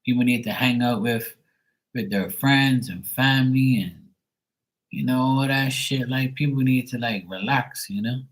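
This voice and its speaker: A man's voice: medium pitch, normal speed, poor audio. Blunt, profane middle-aged man. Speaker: livestream tarot reader. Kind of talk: late-night casual livestream chat.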